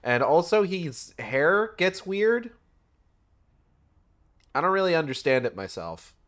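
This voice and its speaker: A young man streaming a game, giving a rambling, profane and animated retelling in casual commentary. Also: on the high side, slow.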